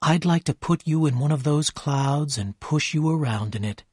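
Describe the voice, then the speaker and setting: A man's voice: fairly high pitch, moderate pace, darkish tone, breathy edge, dry recording, clean studio sound. A man putting on a gushing young society woman. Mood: wistful. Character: excited emotional young wealthy woman.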